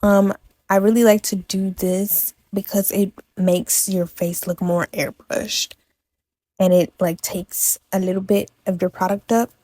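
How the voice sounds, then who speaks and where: A woman's voice: medium pitch, little pitch movement, unhurried, mellow, dry recording. A young adult woman talking through a makeup tutorial in a casual, chatty way, tossing in playful asides and correcting herself as she goes. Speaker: makeup vlogger.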